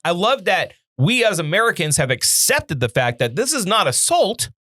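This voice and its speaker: A man's voice: high voice, very animated, normal speed, sharp tone, no echo, studio quality. A young man from California with a Californian accent, co-hosting a podcast in casual chat, rambling and swearing as he tells stories. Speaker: podcast co-host.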